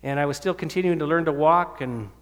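A man's voice: a little high, quick pace. A man in his fifties telling his life story to a church audience, acting out the voices of people in it. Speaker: speaker giving testimony. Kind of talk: storytelling sermon talk. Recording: long hall reverb.

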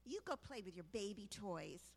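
A woman voicing a bossy, selfish older brother who talks loud and blunt. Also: mid-range voice, big pitch swings, moderate pace, vocal fry, long reverb tail, voice pushed down.

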